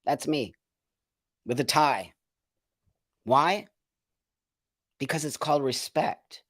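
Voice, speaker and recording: A man's voice: on the high side, takes it slowly, fairly bright tone. A man hosting a live stream, talking to viewers and reading their comments in an emphatic, indignant way, repeating phrases for effect. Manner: indignant, ranting. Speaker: host of a live show.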